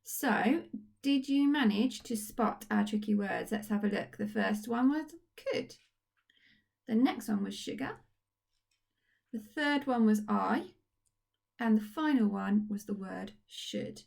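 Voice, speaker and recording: A woman's voice: fairly high pitch, measured pace, creaky, darkish tone. A woman teacher giving a recorded phonics lesson to young children, upbeat and encouraging. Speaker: primary school teacher. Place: at home.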